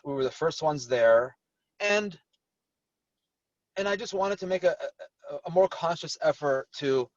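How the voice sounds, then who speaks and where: A man's voice: on the high side, dry recording, far from the mic, muffled recording. A man working as a real estate agent, talking candidly on a video call panel, rambling with many restarts.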